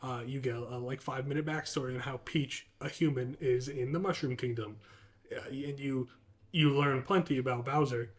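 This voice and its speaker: A man's voice: mid-range voice, fairly even intonation, normal speed. A man co-hosting a casual podcast, talking in a rambling, enthusiastic way with lots of fillers. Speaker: podcast co-host. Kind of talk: casual chat.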